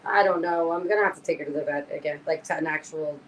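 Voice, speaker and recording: A woman's voice: low-pitched, quick pace, a little hiss or hum, low-quality recording. A woman co-hosting a podcast, telling stories animatedly, acting out what people said and swearing casually. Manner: animated storyteller, acts out quotes, swears casually. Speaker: podcast co-host.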